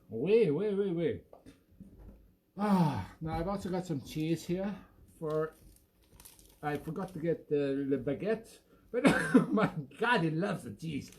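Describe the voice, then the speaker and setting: A man's voice: fairly high pitch, a little mellow. A man playing a bumbling French show host, talking in an exaggerated fake French accent that drifts toward Italian on a home webcam stream. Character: bumbling male French host, hammy and chatty. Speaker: livestream music show host. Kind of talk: comic live-stream banter.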